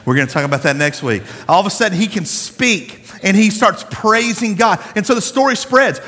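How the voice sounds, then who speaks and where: A man preaching a sermon to a congregation, telling the story in an animated, conversational way with casual slang. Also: high-pitched, fairly quick, few pauses. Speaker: pastor. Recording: long reverb of a large hall.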